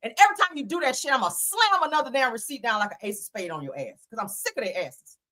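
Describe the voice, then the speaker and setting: A woman's voice: a little high, big pitch swings, fast talker, bright, forceful tone. A woman hosting a casual gossip show, talking bluntly and profanely in a fired-up way. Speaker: host.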